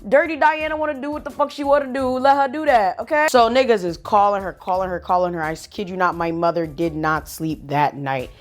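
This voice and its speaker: A woman vlogger recounts a story with loud, swearing energy and frequent laughing asides. Her pitch sits in the middle range but jumps around as she acts out the scene. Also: fairly quick, hardly any pauses, soft background music. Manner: profane, animated, laughing asides. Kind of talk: storytime vlog.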